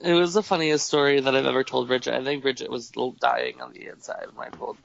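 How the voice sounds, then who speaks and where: Quick-talking and creaky, a medium-pitched man appears as a podcast guest, rambling through casual stories. Expect swearing and animated quoted dialogue, recorded in dull lo-fi home quality.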